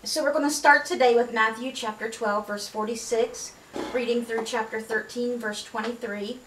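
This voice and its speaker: A woman reading the Bible aloud in a measured way, with casual friendly asides between passages. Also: on the high side, steady tone, a bit bright. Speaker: Bible reader. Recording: echoey room, distant mic, faint hiss.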